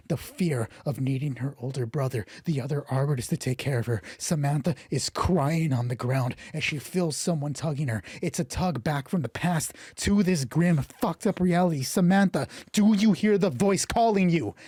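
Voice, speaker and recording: A man narrating and rolling dice for a solo tabletop game stream, excitable and swearing freely, his voice getting hoarse. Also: fairly high pitch, dry recording. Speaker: game master.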